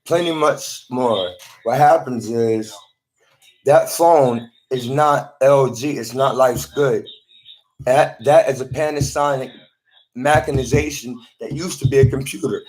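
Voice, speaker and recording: A man's voice: mid-range voice, unhurried, darkish tone. A man talking to a phone in a rambling monologue, often repeating and restarting his words.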